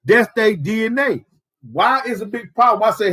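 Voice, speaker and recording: A man's voice: high-pitched, normal speed, pushed and bright, slightly rough. A man preaching a sermon at a prayer service, emphatic and full of rhetorical questions.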